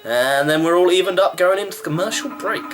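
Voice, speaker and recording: A man's voice: high-pitched, a little fast, over music, low-quality recording. A man giving a chatty, wry running review of a wrestling show, rambling with fillers. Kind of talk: casual vlog review.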